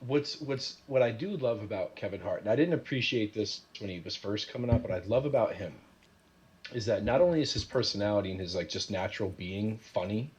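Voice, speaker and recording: A man from Utah, a guest in a casual podcast chat, relaxed and quick to laugh. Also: lowish voice, slightly rough. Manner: relaxed, laughs easily, short agreeing replies.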